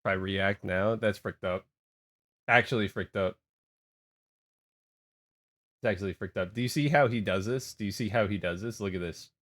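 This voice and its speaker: A young adult man chatting casually on a live stream, rambling and reacting in an animated, jokey way to his chat. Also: fairly low pitch, moderate pace, pauses often.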